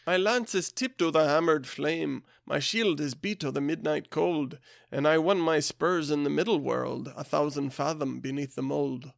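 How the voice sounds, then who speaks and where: Man playing a proud storybook harper, put-on scottish lilt, a touch high and gravelly. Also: no room sound, clean studio sound. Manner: rhythmic, declaiming verse. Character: proud fairy-touched male harper-knight, defiant.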